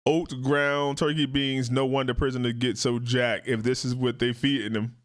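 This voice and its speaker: A man hosting a reaction video, giving blunt, profane, animated commentary. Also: medium pitch, normal speed. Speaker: react channel host.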